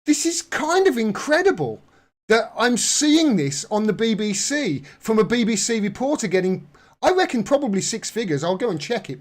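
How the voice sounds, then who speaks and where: Indignant man giving raised-voice commentary. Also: sits high. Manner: indignant, sarcastic, rising to outbursts. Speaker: commentary vlogger. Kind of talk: casual political commentary.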